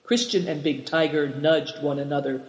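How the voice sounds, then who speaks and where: A man reading a story aloud in measured narration. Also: fairly high pitch, fairly even intonation, highs cut off, slight background noise. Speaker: audiobook reader. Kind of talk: scripted narration. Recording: roomy with long reverb.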